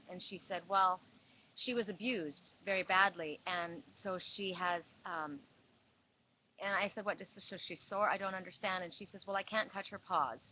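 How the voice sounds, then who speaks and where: A woman giving a weekly spiritual card reading, telling a story with many restarts and repeats. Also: lowish voice. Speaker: oracle card reader. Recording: dull lo-fi sound with faint hiss.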